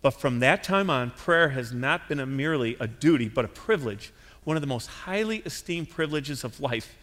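A man's voice: mid-range voice, expressive, moderate pace. Man preaching in a reverberant hall. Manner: earnest, emphatic preaching with wide swings in loudness. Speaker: pastor. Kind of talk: sermon.

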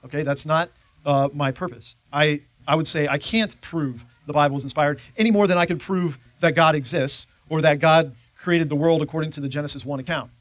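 A man's voice: a little high, fairly quick, a bit bright, no echo. A man teaching a church Bible class in a conversational way, often checking in with his listeners.

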